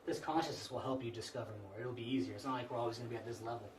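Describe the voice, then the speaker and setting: A man's voice: mid-range voice, very fast, a crowd in the background. Man lecturing casually in an echoey room. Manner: relaxed, conversational, frequent restarts and "you know". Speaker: class instructor. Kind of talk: informal spiritual lecture to a small group. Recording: echoey room, mic far off, faint noise.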